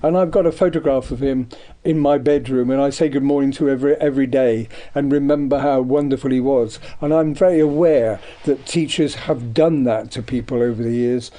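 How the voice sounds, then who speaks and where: A man's voice: mid-range voice, fairly quick, few pauses, mellow. An older man from Devon, an artist, reminiscing in a rambling radio interview with many ums. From Devon, England. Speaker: guest, artist. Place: radio studio.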